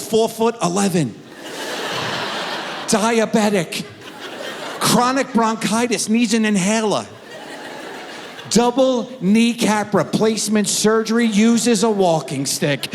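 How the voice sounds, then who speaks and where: A middle-aged man telling a stand-up comedy story with animated, exaggerated voices, on a theater stage with a handheld mic. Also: sits high, slight background noise. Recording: echoey theater with faint crowd.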